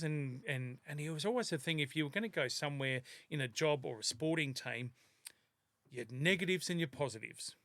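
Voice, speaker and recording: An Australian man in his fifties, a podcast guest telling lively stories in casual chat and laughing often. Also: on the high side, a little fast, dry recording. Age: 50s.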